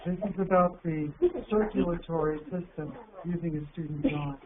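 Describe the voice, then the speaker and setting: A man from the United States giving an instructional workshop talk to teachers, calm and deliberate, slowing down to stress key words. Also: a little high, crowd noise. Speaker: teacher educator presenting a workshop. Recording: narrow phone-like sound with faint hiss.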